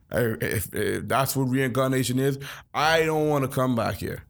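A man chatting casually as a podcast host, excitable and emphatic, stammering when flustered and protesting loudly when surprised. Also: mid-range voice, normal speed, vocal fry. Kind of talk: casual chat.

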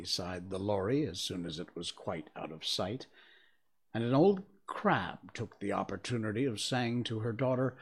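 A man hosting a casual livestream, reading a storybook aloud and then chatting with viewers. His voice swings widely in pitch, and he laughs easily between remarks. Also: expressive, normal speed, husky. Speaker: livestream host and reader.

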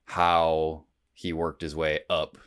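A man's voice: very deep voice, completely flat delivery, slow, a bit bright, smooth. A man co-hosting a podcast, chatting in an easygoing, hesitant way. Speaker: podcast co-host. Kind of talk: casual chat.

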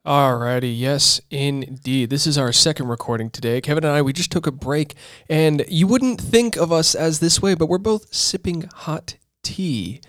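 Cohost dude, dry jokey chat, smooth clear voice, no room sound. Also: male voice, a little high, moderate pace, a bit bright, no room sound. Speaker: podcast co-host. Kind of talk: casual chat.

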